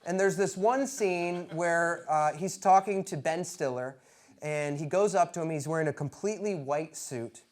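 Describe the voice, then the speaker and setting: A man's voice: a little high, moderate pace. Man in his 30s telling stand-up stories. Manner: animated, acts out quotes in sudden loud bursts. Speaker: stand-up comedian. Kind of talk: stand-up comedy storytelling. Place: comedy stage before a live audience.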